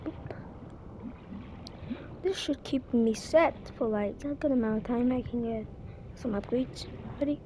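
A young woman giving casual, chatty commentary as she plays a game, with quick excited exclamations. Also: fairly high pitch, a little hiss or hum. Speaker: gamer. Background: game music.

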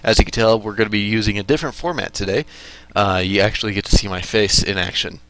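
A man's voice: lowish voice, fairly even intonation, fast, fairly bright tone. A man hosting his own channel, giving gameplay commentary and joking as he rants at other drivers. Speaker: gaming channel host.

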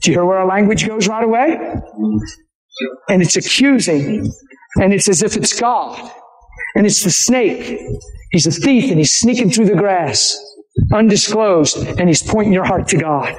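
A man preaching a sermon with impassioned emphasis, sometimes shouting, sometimes slowing to stress a point. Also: high-pitched, expressive, reverberant, rough recording.

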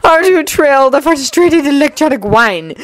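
Woman narrator, fairly high voice, expressive audiobook reading, dry close mic. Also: normal speed, no echo, poor audio. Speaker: fanfiction reader.

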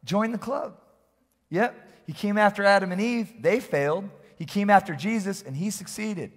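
High-voiced pastor preaching in a hall. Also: male voice. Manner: animated preaching, swinging from loud calls to low asides. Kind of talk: sermon. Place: large church hall. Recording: long reverb of a church hall.

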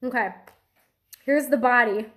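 A woman's voice: a little high, unhurried. A woman vlogging to the camera as she tries a strange food, nervous and giggly, laughing through her fear. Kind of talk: casual food-tasting vlog.

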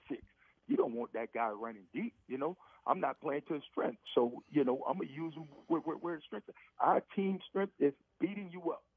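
The caller, a middle-aged former NFL receiver on a casual sports radio show, keeps restarting phrases and repeating himself with emphasis. He sounds on the high side through a tinny phone line, and the audio is completely dry with no room sound.

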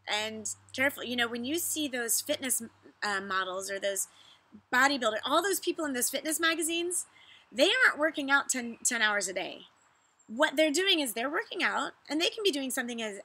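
A woman's voice: a little high, pushed and bright. A woman fitness vlogger chatting casually to her viewers, talking in loose bursts with restarts and reading their messages aloud. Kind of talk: casual chat to camera.

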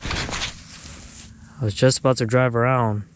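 Excitable man on a noisy outdoor fishing vlog. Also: medium pitch, slow. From US Midwest. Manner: excitable, exclamatory, slangy. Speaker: fishing vlogger. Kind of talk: casual fishing vlog talk. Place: outdoors on the ice.

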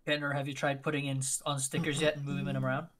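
A man's voice: medium pitch, little pitch movement, fast talker, a bit bright. A man streaming a video game, chatting casually and loosely with friends and laughing easily. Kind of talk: casual gaming chat.

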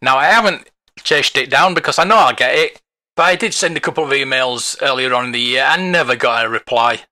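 A man's voice: medium pitch, sharp tone. A man, chatting casually to camera as he rates toy shops, rambling a little and chuckling often. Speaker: toy collector vlogger. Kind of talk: casual review monologue.

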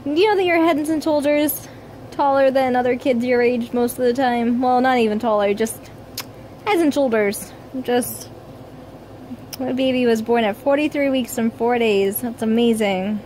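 A woman filming her family at home, chatting with her kids in playful baby talk that turns quiet and tired late at night. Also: fairly high pitch, moderate pace, a little hiss or hum, poor audio. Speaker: mother and family vlogger. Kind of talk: casual home video chat.

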